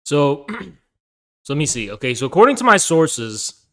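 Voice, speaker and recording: A man talks casually on a live stream, cursing freely and often dissolving into laughter. His voice sits a little high and his delivery is slow and loose. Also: big pitch swings, a bit bright. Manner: swearing, giggly, breaks into hard laughter.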